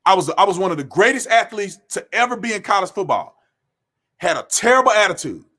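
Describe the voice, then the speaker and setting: A man with a fairly high voice scolds his listeners in a blunt, impassioned monologue. He hammers each point home with a preacher's cadence, repeating phrases. He sounds like a young adult. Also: big pitch swings, fairly quick, sharp tone. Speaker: commentator hosting his own show.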